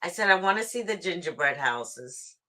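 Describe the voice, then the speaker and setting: A woman's voice: lowish voice, lively intonation, moderate pace, bright, forceful tone. A woman from New York with a New York accent, chatting casually as a guest on a live stream about her everyday outings.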